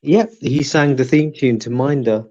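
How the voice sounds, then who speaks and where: A man joining a livestream as a guest, talking in a measured, matter-of-fact way. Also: mid-range voice, mellow, highs cut off. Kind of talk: casual chat on a call.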